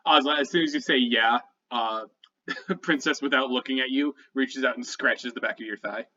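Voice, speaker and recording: Man narrating a tabletop game, halting. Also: medium pitch, pushed and bright, muffled recording. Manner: halting, with many fillers. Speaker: game master.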